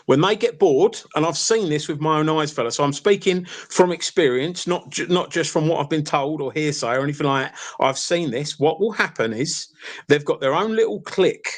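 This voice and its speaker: A man with a fairly high voice argues on an online call. He rambles and circles back, leaning on fillers and calling the other man fella and mate, insistent throughout. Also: lively intonation, normal speed. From East London. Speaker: participant in an online call-in argument. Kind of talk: heated casual argument.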